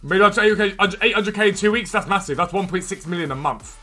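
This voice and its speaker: Fast-talking high-voiced male streamer. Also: pushed and bright, soft background music. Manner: quick, chatty, answers chat questions. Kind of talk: live stream chat reading.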